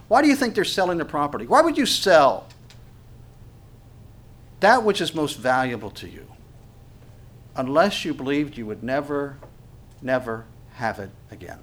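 A man preaching a sermon, reading scripture aloud with rising force and dropping low for asides to the congregation. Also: sing-song, normal speed, long pauses, a bit bright. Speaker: pastor.

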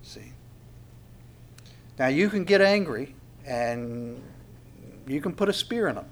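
A man's voice: mid-range voice, animated, slow. A male pastor preaching a sermon in a conversational way, repeating words and adding chuckling asides.

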